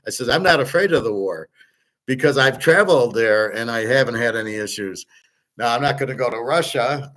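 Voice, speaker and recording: A man's voice: medium pitch, fairly bright tone, low-quality recording. A middle-aged man hosting a rambling casual monologue, telling stories with quoted back-and-forth dialogue. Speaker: host.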